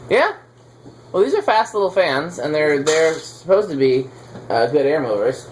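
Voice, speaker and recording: A man's voice: on the high side, sing-song, normal speed. A man hosting a casual chat while testing ceiling fans, rambling and teasing with lots of fillers. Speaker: fan collector host. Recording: faint background noise.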